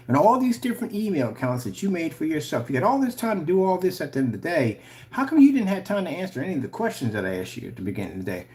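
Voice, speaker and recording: A man's voice: on the high side, very animated, very fast, darkish tone. A man hosting a ranting commentary video, heated and mocking, with sarcastic questions. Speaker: channel host.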